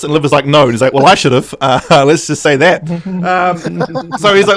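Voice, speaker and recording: Animated man recapping a story. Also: fairly high pitch. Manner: animated, acts out characters in quick asides. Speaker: podcast co-host. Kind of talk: casual podcast recap chat.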